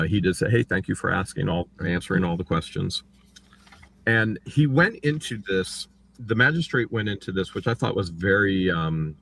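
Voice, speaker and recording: On a casual livestream, a man with a husky, vocal-fried voice recounts his own court case animatedly. He acts out what others said, with big jumps in pitch.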